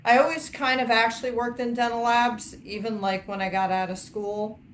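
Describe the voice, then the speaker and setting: A woman's voice: fairly high pitch, little pitch movement, normal speed, a little hiss or hum. Wry middle-aged woman in a roomy space. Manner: candid, wry, loose speech with fillers. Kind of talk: casual chat.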